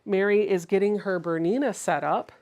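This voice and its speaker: A woman's voice: medium pitch, normal speed, darkish tone. Woman host, casual sewing tutorial, talkative, greets viewers between steps. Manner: chatty, explains each step while reading viewer comments aloud.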